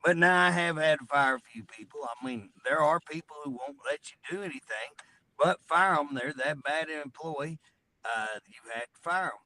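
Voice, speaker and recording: A man's voice: on the high side, normal speed, pushed and bright, rough recording. A man, co-hosting a casual talk show and telling folksy stories. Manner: folksy storyteller. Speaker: co-host.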